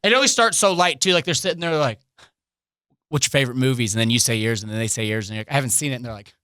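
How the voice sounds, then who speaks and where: A man's voice: mid-range voice, rapid-fire, smooth, dry recording, studio quality. A man in his thirties guest-hosting a comedy podcast, acting out little scenes in casual chat. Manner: animated, acts out voices in bits.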